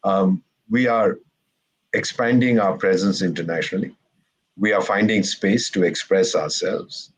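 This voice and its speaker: Poor audio captures a low-pitched, slightly rough male voice speaking at a measured pace. He is a retired ambassador from India on a panel, a sarcastic storyteller who acts out quoted remarks amid jokes and lively discussion.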